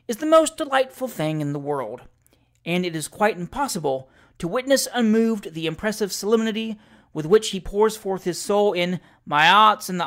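An audiobook reader giving a measured, deliberate scripted narration of classic sketches. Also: medium pitch.

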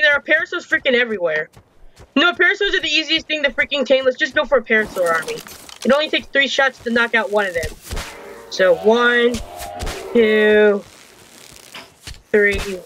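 A man's voice: extremely high pitch, bright, forceful tone. A young man commenting on his gameplay, frustrated and complaining, with frequent mild swearing. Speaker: gaming channel host. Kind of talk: game commentary.

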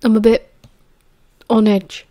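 A woman with a British accent reading the lines of a tense young werewolf man in an audiobook, in terse, low-key replies. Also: flat delivery, slow pace, dark tone. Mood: subdued.

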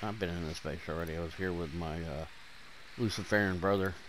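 A man with a fairly low voice rambles through casual gameplay commentary, joking and swearing as he goes. He jumps between loud outbursts and quiet mutters, wired on caffeine. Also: steady tone, a little fast, a little hiss or hum.

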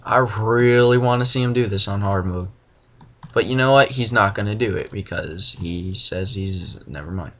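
A young man giving profane, frustrated let's play commentary, ranting and now and then bursting into yells. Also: on the low side, moderate pace. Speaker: gamer.

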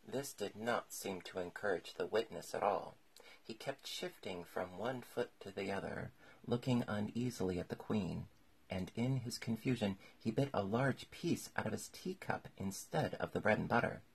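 A man with a deep-leaning, gravelly voice reads a classic children's tale aloud. His tone is strongly husky and raspy. He keeps a measured, even storyteller's delivery. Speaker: audiobook narrator. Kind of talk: storybook reading.

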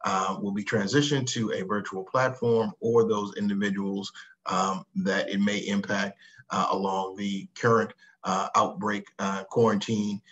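A man giving a public health update over a video call, halting with many uhs and ums. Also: on the low side, little pitch movement, a bit bright, dull audio. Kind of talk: official briefing update.

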